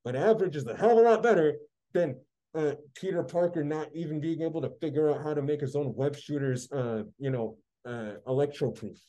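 A man's voice: on the high side, a little fast, warm tone. A man co-hosting a podcast, ranting in a heated, sarcastic way during casual chat. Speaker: podcast co-host.

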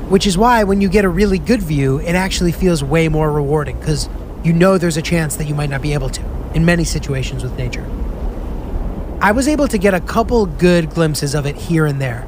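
A man's voice: a little high, noisy background. A young man chatting casually about a road trip, easygoing and full of filler words. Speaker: travel vlogger. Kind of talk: casual travel narration. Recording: voice-over with music bed.

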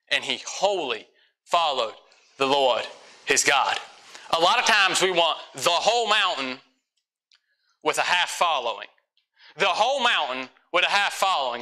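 A young adult man preaching a sermon in church, animated, jumping into quick acted-out conversations with his congregation. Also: on the high side.

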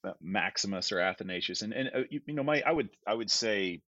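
Low-voiced man, rambling and relaxed. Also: quick pace, no echo. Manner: relaxed, rambling, many fillers and restarts. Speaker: guest theologian. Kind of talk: casual podcast conversation. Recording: dull, slightly lo-fi dry audio.

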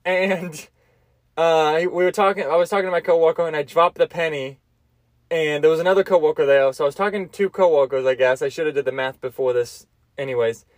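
A young man rambles through crude, self-amused stories on his solo podcast, often stopping and restarting mid-sentence. His voice sits a little high for a man. The recording is close and dry, with no room sound. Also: brisk, no room sound. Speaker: podcast host. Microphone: close mic, seated.

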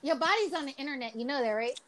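A woman's voice: sits high, animated, quick pace, crowd noise, low-quality recording. A woman hosting a podcast in casual chat, teasing her co-hosts and laughing often. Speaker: podcast host.

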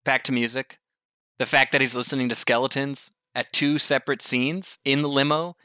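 A man co-hosting a casual film podcast who jumps in eagerly with quick comments and quiz-like questions. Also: medium pitch, steady tone, pushed and bright, clear, resonant tone, no room sound. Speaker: podcast co-host.

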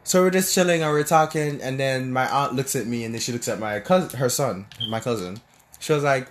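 A man's voice: medium pitch, fairly quick, slight background noise. A young man from Jamaica in casual, rambling storytelling, full of restarts and fillers. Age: young adult.

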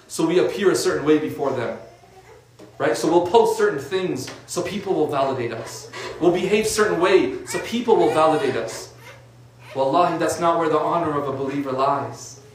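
A man's voice: on the high side, lively intonation, moderate pace, slight background noise. A man giving an informal religious talk in a conversational way, with lots of casual fillers. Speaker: religious speaker. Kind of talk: informal sermon. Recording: echoey room from a distant mic.

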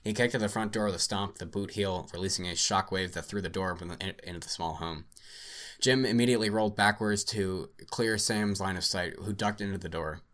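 A man's voice: sits low, fairly quick, fairly bright tone. A man hosting a podcast, reading a story aloud and chatting casually, swearing and laughing easily. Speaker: podcast host.

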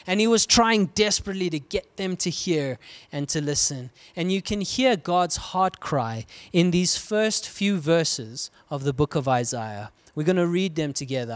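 High-voiced man preaching with rising cries. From South Africa. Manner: dynamic preaching, swinging between loud cries and hushed lows. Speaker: pastor. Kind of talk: sermon.

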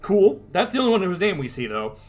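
Brief: male co-host, slightly high voice, wry and exasperated, casual. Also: very animated, brisk, faint music behind. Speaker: podcast co-host. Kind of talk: casual comic read-along chat.

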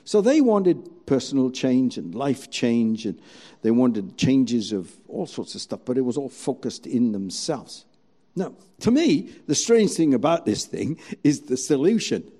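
A man's voice: mid-range voice, big pitch swings, a little slow, warm tone. A man preaching a sermon, telling a story and acting out its scenes dramatically.

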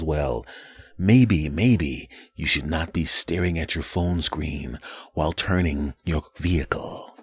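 Man, very deep voice, crude joking podcast host, rambling solo storytelling, dry close sound. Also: husky, dry recording. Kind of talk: casual solo podcast monologue.

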